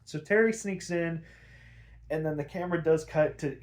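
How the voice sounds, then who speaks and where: A young man with a somewhat high-pitched voice recaps a cartoon episode in loose, rambling talk. He swears freely and jumps into quick impressions of the characters' lines, stopping now and then to fix details he left out. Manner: rambling, profane, animated retelling with acted quotes. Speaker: podcast host.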